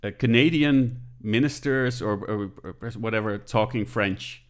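A Dutch man co-hosting a relaxed podcast conversation. He often stops and restarts his sentences and makes dry remarks. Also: fairly low pitch, unhurried. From Netherlands. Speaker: podcast co-host. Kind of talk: casual chat.

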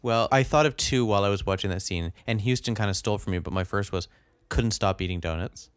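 A man's voice: fairly low pitch, fast talker, smooth, dry recording. A young man co-hosting a podcast, reviewing a TV show with incredulous jokes. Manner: animated, incredulous joking. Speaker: podcast co-host. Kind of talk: casual chat reviewing a TV show.

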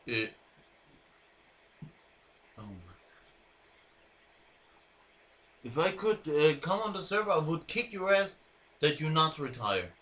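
A man hosting a podcast and commentating an online wrestling show. His delivery is emotional and halting, with restarts and repeated words. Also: lively intonation, a bit bright, a little hiss or hum. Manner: deeply moved, emotional delivery.

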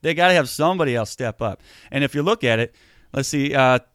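A man co-hosting a casual football talk show, animated and getting heated as he argues his point. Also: mid-range voice, fairly quick, dry recording, studio quality. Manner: animated, gets heated and emphatic. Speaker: sports podcast co-host.

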